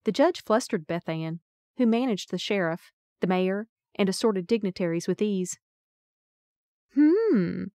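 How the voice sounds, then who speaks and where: A woman's voice: mid-range voice, moderate pace, warm tone, no room sound, studio quality. A woman narrating a first-person audiobook in a wry, folksy storytelling manner.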